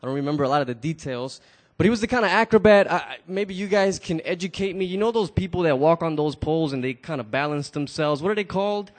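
A man's voice: on the high side, fast. A man telling a story casually to a live audience, often stammering and repeating words and turning to talk to his listeners.

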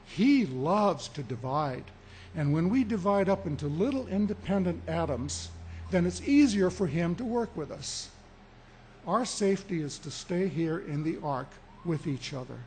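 A man preaching a sermon as pastor, with emphatic delivery and deliberate pauses that rise for emphasis. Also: sits high, animated, darkish tone, a little hiss or hum.

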